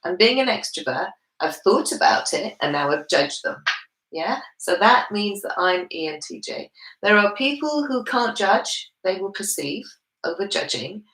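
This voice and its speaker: A woman's voice: mid-range voice, lively intonation, a little slow, fairly bright tone. Woman chatting in a book club, confident and explainy, roomy echo. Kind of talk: casual chat.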